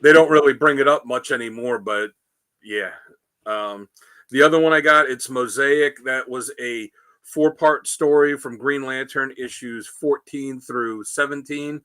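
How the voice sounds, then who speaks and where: A man hosting a casual podcast about comic books, telling the stories in a rambling, animated way with lots of fillers. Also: medium pitch, measured pace. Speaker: podcast host. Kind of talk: casual comic book discussion.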